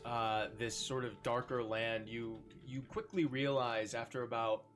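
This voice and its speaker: A man's voice: medium pitch, a bit bright. Man narrating as game master. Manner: slow, descriptive, with many ums and likes.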